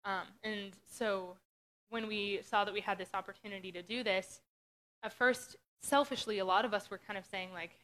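A woman's voice: mid-range voice, steady tone, normal speed, fairly bright tone. Earnest young woman sharing testimony. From Western Pennsylvania. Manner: earnest, conversational, many fillers. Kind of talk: casual testimony talk.

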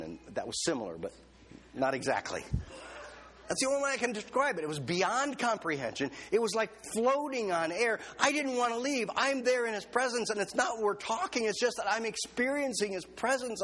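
A male pastor preaching a sermon, telling a story with humor and lively, excited quotes of himself. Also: on the high side, a little hiss or hum.

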